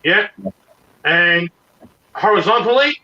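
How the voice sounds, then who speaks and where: A high-pitched man rambles eagerly over a video call, tripping over restarts as he goes. The audio is dull and lo-fi, as if squeezed through a cheap connection. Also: animated, slow pace, sharp tone. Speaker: regular panelist. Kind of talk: casual chat on a video call.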